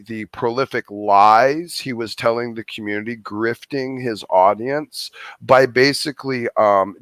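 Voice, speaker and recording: A man's voice: mid-range voice, a bit bright, dry recording. A man hosting a live call-in stream, wordy, often restarting his sentences. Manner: wordy, with frequent restarts and fillers. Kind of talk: casual live-stream chat.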